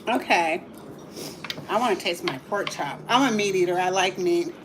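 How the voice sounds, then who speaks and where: At her home dining table, a middle-aged woman hosts a cooking livestream, chatting casually to viewers over dinner. She laughs often and murmurs as she tastes the food. Her voice sits lowish at a moderate pace, against a noisy background.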